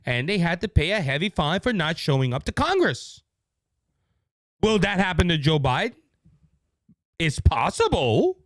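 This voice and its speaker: Cajun man, high lively voice, dry close sound, fired-up political host rant. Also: dry recording. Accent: Cajun Louisiana. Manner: indignant, repetitive, mocking. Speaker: political talk show host. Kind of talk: opinionated political commentary.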